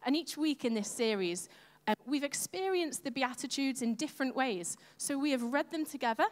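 Lively woman leading a church service. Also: sits high, normal speed. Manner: lively, chatty and upbeat. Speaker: church leader. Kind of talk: sermon introduction. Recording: long hall reverb.

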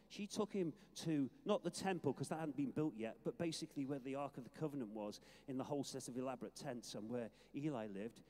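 An older retired minister preaching a sermon, reading scripture in an earnest, emphatic way with some hesitant restarts. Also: male voice, mid-range voice, a little mellow, long reverb tail. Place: church.

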